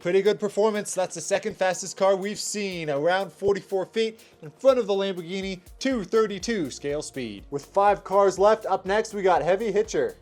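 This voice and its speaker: Young male host, high voice, upbeat race-caller delivery over faint music. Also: normal speed, few pauses. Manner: energetic play-by-play commentary. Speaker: toy car race host. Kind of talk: race commentary vlog.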